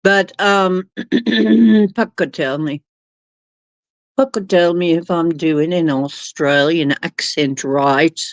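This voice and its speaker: A woman's voice: fairly low pitch, slow, no room sound, muffled recording. A woman hosting a live stream, chatting casually with viewers and giggling often. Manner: giggly, laughs often while reading chat.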